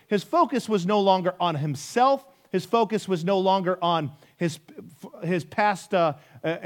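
Emphatic man preaching a sermon. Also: high-pitched. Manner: emphatic, repeating key phrases with rhetorical questions. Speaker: pastor.

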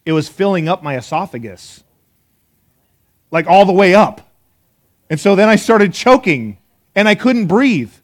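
A pastor preaching a sermon to a live congregation, an animated storyteller who talks straight to his listeners with questions and laughs at his own jokes. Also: high voice, a little slow, long pauses. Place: church service before a live congregation.

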